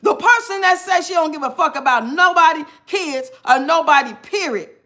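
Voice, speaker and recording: A woman's voice: sits high, animated, normal speed, bright, forceful tone. A woman giving blunt, profane reaction commentary, talking to her live chat. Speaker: commentary streamer.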